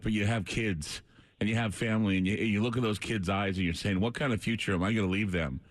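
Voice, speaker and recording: Hosting late-night talk radio, a man with a mid-range voice preaches earnestly into a close studio microphone, getting choked up for a moment. No room sound comes through.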